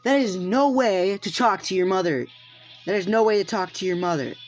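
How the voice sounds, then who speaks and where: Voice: mid-range voice, normal speed, pitched above the performer's own voice, lightly acted. A storyteller voicing a stern father who scolds in a raised, indignant voice, with faint music behind.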